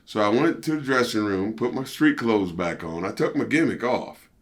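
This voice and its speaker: A man's voice: on the low side, normal speed. Older man telling a wrestling story. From United States. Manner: animated, acts out quoted voices. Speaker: interview guest, former wrestler. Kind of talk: casual storytelling.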